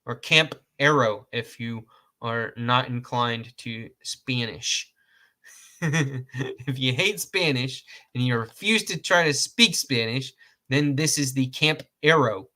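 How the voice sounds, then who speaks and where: A man from Georgia talks through a casual gear review at an unhurried, drawn-out pace. His voice is bright and forward. He rambles and restarts his sentences, chuckles at his own jokes and throws in a mild curse now and then. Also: mid-range voice. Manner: rambling, self-correcting, laughs at own jokes, mild cursing. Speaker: host reviewing outdoor knives.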